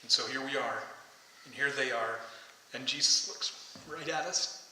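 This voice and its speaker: A man preaching a sermon as pastor, impassioned, rising to loud calls as he tells the story. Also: mid-range voice, normal speed, far from the mic, a little hiss or hum. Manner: impassioned, shouting the calls to come out. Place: church sanctuary. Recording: echoey church hall.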